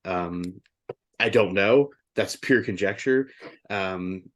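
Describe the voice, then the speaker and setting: A man with a lowish voice trades banter on a casual sports talk show. He jokes around, hesitates and repeats his words as he thinks aloud. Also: slow, a bit bright. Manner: joking, hesitant, repeats himself. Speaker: co-host.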